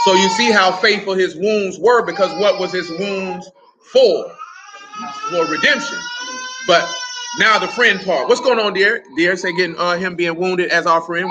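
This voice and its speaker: A man's voice: high-pitched, noisy background. A man leading an interactive Bible study, talking casually, teasing and quizzing his listeners by name. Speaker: Bible teacher.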